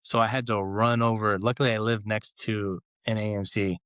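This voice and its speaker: Male podcast cohost, low and resonant, lively chatty storyteller. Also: moderate pace, clear, resonant tone, no room sound, studio quality. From Los Angeles. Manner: animated storytelling, acts out quotes with laughs. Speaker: guest cohost. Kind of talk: casual podcast chat.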